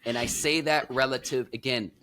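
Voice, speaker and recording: Man, guest on sports chat, easygoing, agreeable, mid-pitched voice, video call. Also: steady tone, moderate pace, a loud crowd. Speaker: guest, TV producer. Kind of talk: casual sports talk.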